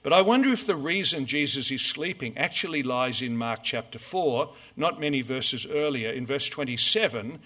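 A man preaching a sermon, measured and storytelling, full of rhetorical questions. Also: mid-range voice, animated, pushed and bright.

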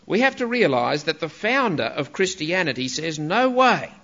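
A man's voice: fairly high pitch, sing-song, normal speed, bright, forceful tone. A man preaching a sermon, emphatic and stressing single words, on a dull lo-fi recording.

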